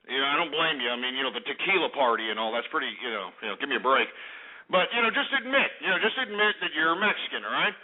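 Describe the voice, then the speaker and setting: A man hosting a call-in radio show, loud and mocking, stammering over his own words. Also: medium pitch, sing-song, quick pace. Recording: tinny phone-like radio audio.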